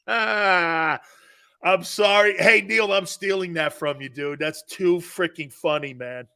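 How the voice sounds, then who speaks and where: A man hosting a sports talk show, loud and jokey, often breaking into laughter. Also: fairly high pitch, lively intonation, a little slow, gravelly, hardly any pauses.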